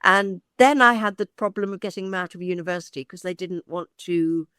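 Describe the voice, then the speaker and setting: An older woman, a guest on a chat podcast, telling anecdotes in a lively way with many ums and restarts. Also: on the low side, a little fast, clear, resonant tone, dry recording, studio quality. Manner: lively anecdotal storyteller, hesitant fillers. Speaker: guest, former actress and agent. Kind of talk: casual chat.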